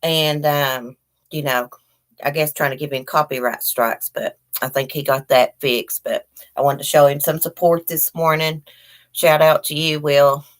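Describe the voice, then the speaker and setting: A woman's voice: low-pitched, fairly even intonation, unhurried. A middle-aged woman from Virginia, hosting a casual live chat and greeting viewers by name in a rambling, chatty way. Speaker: livestream host.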